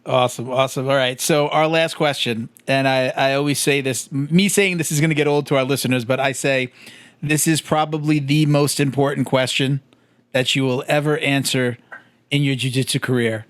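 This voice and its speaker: A man hosting a podcast, asking questions in a relaxed, easygoing way. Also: medium pitch, a little fast, no echo. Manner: relaxed, laughs easily, asks questions. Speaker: podcast host. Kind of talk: casual podcast interview.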